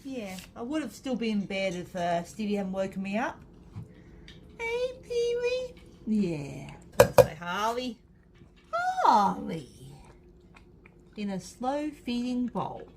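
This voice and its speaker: Sleepy aussie woman baby-talking her cats at breakfast, slow and unhurried, faint hiss behind. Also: mid-range voice, lively intonation. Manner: cooing baby talk to cats, sleepy and amused. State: half asleep. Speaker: cat owner filming her cats. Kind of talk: casual talk to pets.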